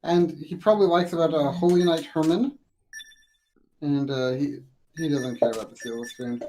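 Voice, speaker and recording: A man's voice: fairly high pitch, fairly even intonation, moderate pace, warm tone, a little hiss or hum. Hesitant man thinking aloud while gaming. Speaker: co-host playing a video game. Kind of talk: casual let's-play chat.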